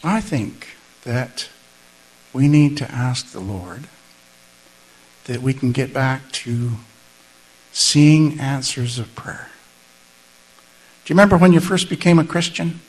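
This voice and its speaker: A middle-aged male pastor preaches in an unhurried, deliberate way, his voice slightly husky. He builds earnestly toward emphatic calls and leads the congregation in prayer. His pitch sits in an ordinary middle range. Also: rough recording. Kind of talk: sermon.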